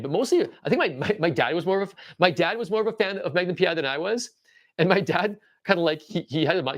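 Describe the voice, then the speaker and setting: A man in his forties hosts a casual show-and-tell livestream. His voice is animated and a bit high, and he rambles with stammering restarts and excited tangents. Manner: excitable and enthusiastic. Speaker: livestream host.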